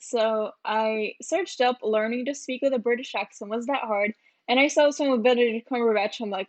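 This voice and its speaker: A woman's voice: a little high, normal speed. A young woman vlogging in a casual, rambling reaction chat, giggling and full of fillers.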